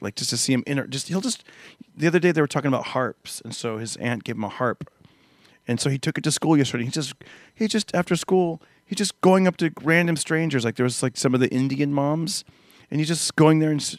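A man's voice: mid-range voice, no room sound. A man in his thirties spins long, rambling anecdotes in easygoing chat. He tells them with animation and plays the other people in his stories. The sound is dry and close. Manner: rambling, animated storyteller who acts out his son. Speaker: podcast guest. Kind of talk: casual chat.

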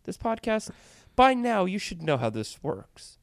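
A man's voice: high-pitched, sing-song, measured pace, no echo, studio quality. A man co-hosting a casual comedy podcast, arguing playfully and explaining with analogies. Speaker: podcast co-host. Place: hotel room.

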